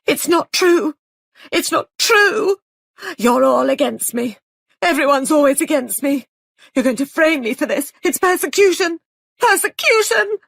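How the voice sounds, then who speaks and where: A woman voicing a frightened, hysterical young man who shouts in a shrill voice. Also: moderate pace, hardly any pauses, no echo, clean studio sound.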